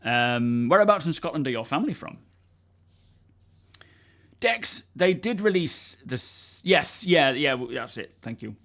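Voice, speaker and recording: A man's voice: fairly high pitch, animated, unhurried, pauses often, fairly bright tone. Chatty English man hosting a livestream. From England. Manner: chatty, answers chat viewers by name, laughs often. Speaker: livestream host. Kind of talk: casual live-stream chat.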